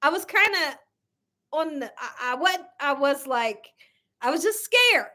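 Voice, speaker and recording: Woman, animated, swooping pitch, chatty livestream host, laughs a lot. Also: unhurried. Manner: chatty, lively, laughs often, talks to viewers as y'all. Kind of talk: casual live chat reading viewer comments.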